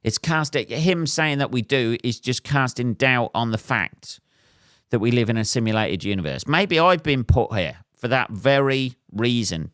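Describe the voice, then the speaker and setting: A man's voice: mid-range voice, clean tone, no echo, studio quality. An English man hosting his own podcast, rambling through a solo monologue with wry, self-mocking asides and lots of ums. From England. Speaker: podcast host.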